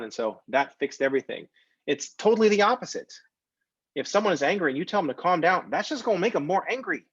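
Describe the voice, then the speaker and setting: A man's voice: on the high side, expressive, fast, fairly bright tone, breathy edge, no room sound, lo-fi sound. A man teaching a math class in a recorded lecture, talking in a conversational, jokey way that drifts off topic. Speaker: math instructor.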